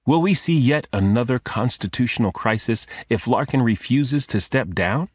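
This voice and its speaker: A man's voice: medium pitch, expressive, moderate pace, no room sound, studio quality, pitched above the performer's own voice, natural voice. A man voicing a television news anchor, speaking urgently and emphatically.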